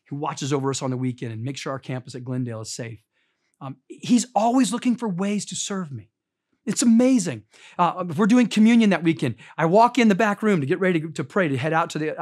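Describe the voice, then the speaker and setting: A middle-aged man preaching as a pastor, his voice sitting a little high for a man. He is earnest, pushing key words out loudly, then dropping to a soft, hushed tone when he tells personal stories. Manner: earnest, swings from loud emphasis to soft, hushed storytelling. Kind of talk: sermon.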